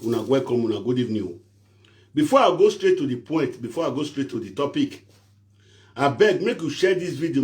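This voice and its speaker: A man's voice: fairly high pitch, darkish tone. A man from Edo State, Nigeria, speaking Nigerian Pidgin English, hosting his own show as a self-styled prophet in a pleading, preachy, rambling monologue to his viewers.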